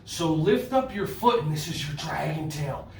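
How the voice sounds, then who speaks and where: Kids yoga teacher, man, New Jersey accent, high and animated voice, echoey room and a distant mic. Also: normal speed, creaky, slight background noise. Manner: animated and playful, cheering children on. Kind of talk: leading a children's yoga class. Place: indoor room.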